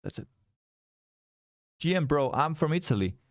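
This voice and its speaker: Animated man hosting a live trading stream. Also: a little high, moderate pace, no echo, studio quality. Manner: animated, coaxing, repeats rhetorical questions to viewers. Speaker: livestream trading host. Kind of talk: live trading commentary, chatting with viewers.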